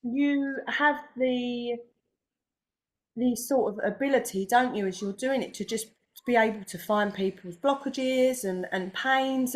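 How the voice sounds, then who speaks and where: A young woman, a podcast guest speaking enthusiastically in casual chat with many fillers. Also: on the high side. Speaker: guest, massage therapist.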